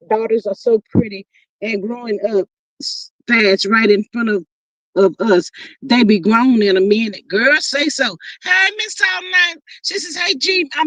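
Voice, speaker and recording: High-voiced chatty woman host. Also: dry recording. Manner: chatty, drawn-out greetings, playful scolding. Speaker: livestream host reading chat. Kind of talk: casual livestream chat.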